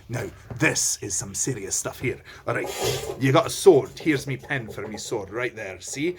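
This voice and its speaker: A man's voice: medium pitch, measured pace, creaky, breathy edge. A man teaching a read-along lesson, reading lines aloud and explaining them in a chatty, slangy way.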